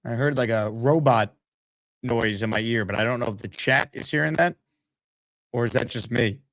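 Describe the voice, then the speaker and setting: A man hosting a live sports talk stream, energetic and hyping his audience. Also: mid-range voice, normal speed, dry recording. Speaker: sports talk show host. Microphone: streaming setup mic.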